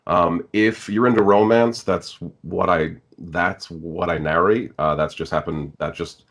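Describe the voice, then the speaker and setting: A man, a guest actor and audiobook narrator, chatting casually on a podcast, halting and stammering at times and swearing freely. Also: low voice, fairly even intonation.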